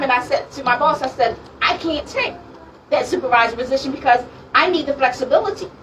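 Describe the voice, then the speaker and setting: A woman, sharing her testimony at a women's conference in a lively, laughing storytelling manner. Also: high-pitched, slight background noise. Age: late 40s. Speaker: minister and speaker. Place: conference room with audience. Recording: distant mic, audience sounds.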